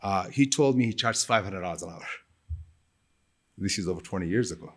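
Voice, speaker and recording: A middle-aged man from Ethiopia, a podcast guest and company founder telling stories in an animated way with frequent fillers. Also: sits low, fairly quick. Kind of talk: storytelling in a podcast interview.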